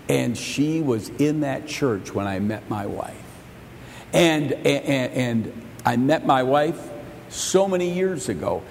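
A male pastor preaching a sermon. He stumbles over repeated words and swings between loud and soft. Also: medium pitch, vocal fry, big-room sound, a little hiss or hum. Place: church sanctuary.

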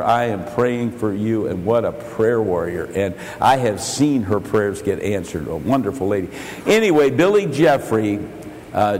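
An older male pastor preaching a sermon, telling stories and quoting scripture in an earnest, measured way. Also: medium pitch, darkish tone. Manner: slow, earnest preaching with storytelling and King James quotations. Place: church sanctuary. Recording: long hall reverb in a church.

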